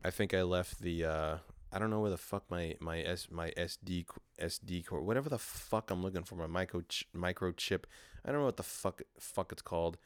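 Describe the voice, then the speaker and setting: A man hosting a solo podcast, rambling in a frustrated, swearing, low-energy way while talking into a portable recorder. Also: a little fast, clean tone. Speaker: podcast host. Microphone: handheld portable recorder.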